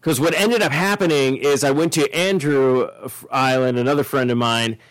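Man, podcast host, rambling casual chat, mid-pitched, dry close sound, remote call. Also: normal speed, no room sound, low-quality recording. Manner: chatty, rambling storyteller.

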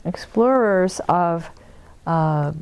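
A woman leading a forgiveness workshop, talking gently and meandering with soft laughs as she guides the group. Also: fairly low pitch, lively intonation, drawn-out words, clean tone, dry recording. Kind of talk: guiding a group session.

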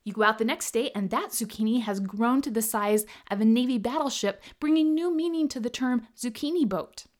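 A woman with a slightly high voice gives a scripted talk in a playful, humorous storytelling manner. She slows down to stress key words. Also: a little mellow. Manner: slow and emphatic on key words. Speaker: motivational speaker.

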